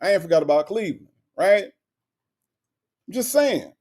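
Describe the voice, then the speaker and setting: Guy on a livestream, kinda high voice, hyped, keeps stammering and restarting, reads chat out loud. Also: normal speed. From Florida. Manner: animated, reads chat messages aloud, frequent stammered restarts. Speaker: livestream host. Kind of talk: casual livestream commentary.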